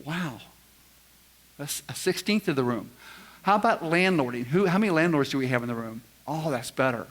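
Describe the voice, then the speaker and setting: A man's voice: a little high, animated, normal speed, fairly bright tone. A man giving a live seminar talk, quizzing the audience in a folksy, joking way. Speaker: seminar speaker. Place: large event room with audience. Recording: long hall reverb.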